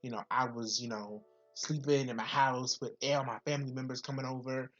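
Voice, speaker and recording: A woman's voice: a bass voice, little pitch movement, brisk, lo-fi sound, soft background music. A young woman casually reviewing an episode, chatty and profane, with many fillers and repeats. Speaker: video reviewer. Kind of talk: casual recap and commentary.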